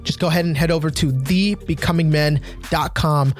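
A man hosting a motivational talk for men, speaking earnestly and emphatically, slowing down to repeat his key points. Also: on the high side, steady tone, faint music behind. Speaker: men's motivational podcast host.

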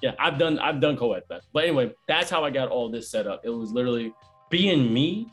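Animated man telling stories, slangy. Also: medium pitch, soft background music. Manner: animated storyteller, fast slangy talk. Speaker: event host and comedian. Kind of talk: casual podcast chat.

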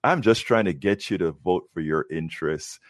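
Low-voiced man in emphatic political talk. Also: dry recording, clean studio sound. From United States. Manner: emphatic, halting with restarts. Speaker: guest, political show host. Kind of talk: conversational political discussion.

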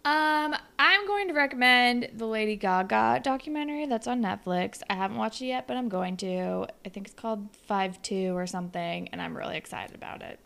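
A young woman co-hosts a casual podcast, her voice sitting a little high with a noticeable gravelly fry. She rambles through her stories, leaning on "like" and quick asides. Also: fairly bright tone. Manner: rambling storyteller, full of "like". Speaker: podcast co-host. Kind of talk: casual chat.

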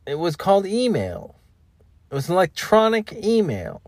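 A man imitating a crotchety older TV commentator who gripes and nitpicks every little detail. The voice is pushed up higher and livelier than his own, with a fussy, complaining lilt. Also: wildly swooping pitch, moderate pace, no room sound, studio quality. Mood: griping. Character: grumpy old male TV commentator, fussy and griping. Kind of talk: comic impression.

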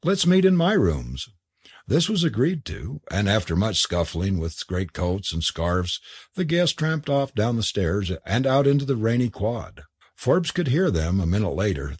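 Sex: male. Role: audiobook narrator. Pitch: lively, melodic. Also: husky, dry recording, clean studio sound. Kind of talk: storybook narration.

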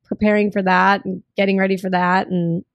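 A young woman, a chatty podcast co-host, carries a long story and slips into the voices of the people in it. Her pitch sits in the middle of a woman's range. The recording is close and dry, with no room sound. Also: flat delivery, brisk, no room sound, lo-fi sound. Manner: chatty storyteller who acts out quoted dialogue. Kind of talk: casual chat.

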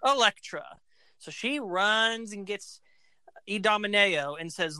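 A woman casually retelling an opera plot, animated and acting out the characters' lines. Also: mid-range voice, slow pace, clean tone, dry recording.

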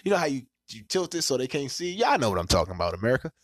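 A man hosting a podcast, telling a story in casual, profane talk and acting out quotes with sudden leaps in pitch. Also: racing, no room sound, clean studio sound. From Washington, D.C. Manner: animated, profane, acts out quotes with big pitch jumps. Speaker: podcast host.

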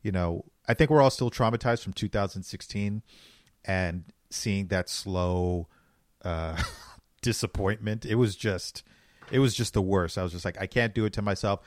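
A man co-hosting a casual podcast, telling stories in a relaxed, reflective way. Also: deep voice, unhurried, dry recording, clean studio sound. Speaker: podcast co-host.

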